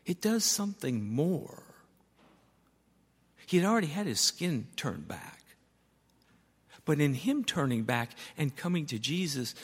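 A man's voice: a little high, husky. An older man preaching a sermon as pastor, telling stories and repeating key words for emphasis. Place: church sanctuary. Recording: long reverb of a church.

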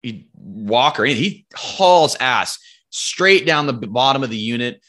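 A man telling hunting stories as a guest in a casual podcast interview, animated and rambling, with free swearing. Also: medium pitch, normal speed. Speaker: podcast guest, bow hunter.

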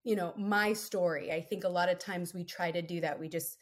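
A woman's voice: lowish voice, steady tone, brisk. A woman in her thirties, a guest on a podcast, telling her own story in an earnest, upbeat, conversational way, often tagging lines with "right?". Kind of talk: casual interview chat.

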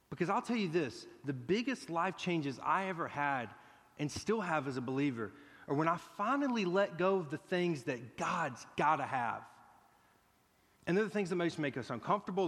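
A man preaching a sermon, his voice sitting a little higher than most men's. He talks earnestly and warms into excitement. A long hall reverb trails each phrase. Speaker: guest pastor.

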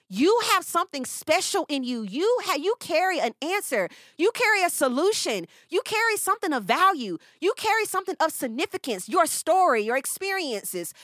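A woman delivers an inspirational podcast talk with faith woven through it, her voice high and bright. Her pitch swings widely as she repeats lines for emphasis and talks straight to the listener. The recording is dry, with no room sound. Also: no echo. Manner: preacherly, repeats phrases, speaks straight to listeners. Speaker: podcast host.

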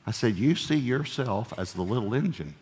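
A man's voice: medium pitch, expressive, normal speed, a little mellow, long reverb tail. An older man, a pastor, preaching a sermon in a conversational, storytelling way with playful humor.

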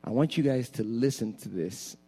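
A man's voice: mid-range voice, moderate pace, a little hiss or hum. A man preaching a sermon as pastor, pleading with the congregation in impassioned calls. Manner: impassioned preaching, rising to shouts. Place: church sanctuary with screens. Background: guitar music.

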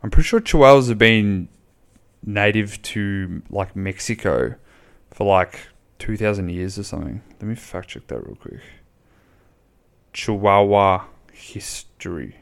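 A man's voice: on the low side, animated, a little slow, creaky. A man, chatting casually and bluntly on his own podcast, rambling and swearing freely. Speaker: podcast host. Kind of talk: casual solo podcast chat.

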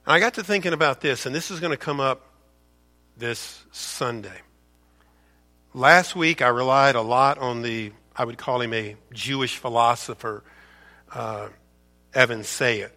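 A man's voice: mid-range voice, a little slow, pauses often, bright, forceful tone. A man preaching a sermon as a pastor, emphatic and preachy, repeating words and asking rhetorical questions. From United States.

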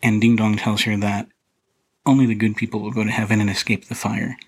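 Male podcast host, low and husky, flat delivery, casual rambling film talk. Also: brisk, low-quality recording. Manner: relaxed, rambling, frequent fillers and restarts. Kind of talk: casual solo film commentary.

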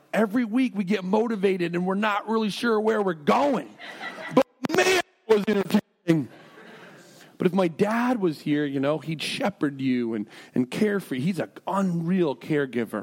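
A man preaching a sermon as pastor. He talks in an animated, self-deprecating, joking way, moving between stories and earnest prayer. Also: high voice.

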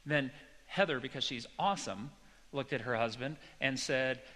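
A man preaching in a church hall, telling personal stories and turning to the audience with questions. His voice is bright and forceful at an ordinary middle pitch. A long hall reverb trails behind his words. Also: moderate pace. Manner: chatty storytelling with personal anecdotes and asides to the audience. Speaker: pastor teaching a Bible study. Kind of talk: conversational sermon.

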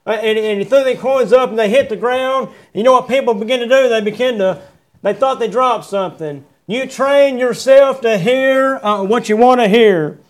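A middle-aged man preaching a sermon, quoting scripture and repeating refrains, with folksy phrasing and many halting fillers. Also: very high-pitched. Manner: preaching with Bible verse references and repeated refrains. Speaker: pastor.

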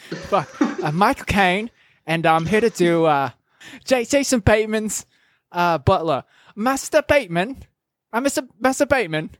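A man's voice: high voice, animated, unhurried. A man putting on a fumbling impression of an older English butler, stumbling and flubbing his lines. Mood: goofy.

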